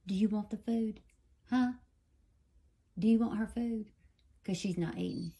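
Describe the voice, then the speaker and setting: A woman's voice: medium pitch, unhurried, long pauses, heavy background noise. A woman talking to her dogs in a coaxing, scolding, sing-song way. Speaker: pet owner filming her dogs. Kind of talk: casual talk to dogs.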